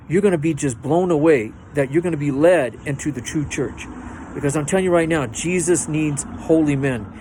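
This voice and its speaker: Fervent high-voiced man preaching to viewers. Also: darkish tone, a little hiss or hum. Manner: fervent, earnest, speaks straight to viewers; repeats himself for emphasis. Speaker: host of a religious video channel. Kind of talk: casual faith vlog, preaching to camera.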